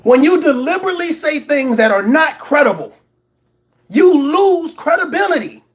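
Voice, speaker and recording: A man's voice: extremely high pitch, big pitch swings, moderate pace. A man hosting a reaction commentary show, preaching at his audience, repeating words for emphasis and mocking others in put-on voices. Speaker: commentary channel host.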